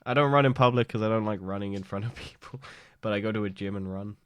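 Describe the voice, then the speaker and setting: A man's voice: lowish voice, fast, smooth, dry recording. A young man co-hosting a podcast in a casual chat, teasing and laughing often. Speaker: podcast co-host.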